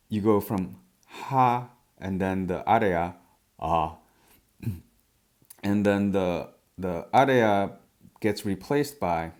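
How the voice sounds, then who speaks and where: A man teaching a language lesson, explaining step by step with frequent fillers and throat clearing. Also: sits low, darkish tone.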